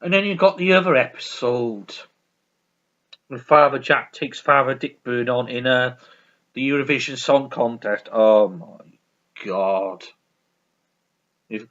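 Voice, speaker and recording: A male vlogger with a mid-range, animated and slightly bright voice chats at normal speed about a sitcom. He rambles, restarts often and chuckles along, captured on a dull lo-fi recording.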